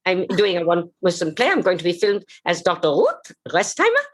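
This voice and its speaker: An older woman, an actress, telling her life story theatrically on a video call, slowing and dropping low for emphasis. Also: wildly swooping pitch. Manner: dramatic, slows for emphasis, drops low on key words. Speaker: actress and memoir author, guest.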